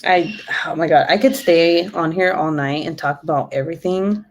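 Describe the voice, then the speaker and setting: A woman's voice: low-pitched, moderate pace. A young woman chatting casually and rambling on her live stream, giggling often. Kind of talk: casual chat.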